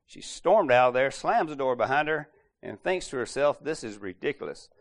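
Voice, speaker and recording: A man casually retelling an anecdote, clearing his throat often and acting out the quoted lines. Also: medium pitch, animated, normal speed. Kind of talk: casual storytelling talk.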